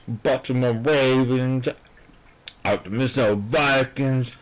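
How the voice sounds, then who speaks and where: A man's voice: mid-range voice, fairly even intonation, slow, smooth, poor audio. Rambling, blunt man giving football picks. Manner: hesitant, with many fillers and restarts; blunt and profane. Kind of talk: casual rambling sports predictions.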